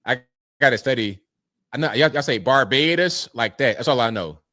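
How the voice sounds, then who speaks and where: A man's voice: mid-range voice, a bit bright, dry recording, clean studio sound. A man hosting a casual livestream, thanking viewers one by one and answering their comments in a laid-back way. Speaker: livestream host reading super chats.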